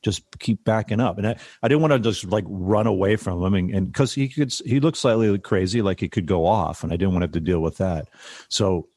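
A man's voice: low voice, a little fast, a little mellow, dry recording, clean studio sound. A middle-aged man telling a rambling story in a casual group chat, full of fillers.

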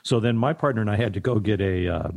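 Husky low-voiced man telling a story. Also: quick pace, a little mellow, dry recording. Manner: storytelling, hesitant with ums. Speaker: podcast co-host. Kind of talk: casual chat.

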